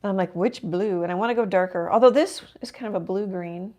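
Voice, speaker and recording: A middle-aged woman hosts a casual live painting stream, talking through her work with a self-deprecating touch. Her voice is medium in pitch and her pace is quick, and she often sinks into soft murmurs.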